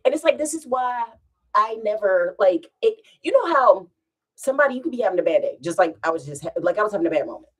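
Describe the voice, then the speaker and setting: Woman, casual storytime, rambling, animated, laughs a lot, at home. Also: mid-range voice, fast, slightly rough. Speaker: vlogger.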